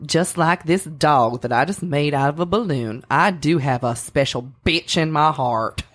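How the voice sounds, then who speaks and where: A woman's voice: deep voice, unhurried. A woman voicing a brash, bawdy female sex therapist who hosts an improvised comedy podcast. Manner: bawdy, blurting. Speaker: host.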